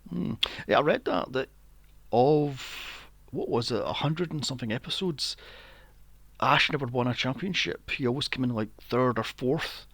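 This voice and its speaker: A man's voice: mid-range voice, normal speed, gravelly, fairly bright tone, husky, no echo. A man co-hosting a movie podcast, ranting in an exasperated, sweary way and mocking characters with silly voices. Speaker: podcast co-host. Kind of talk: casual movie review chat.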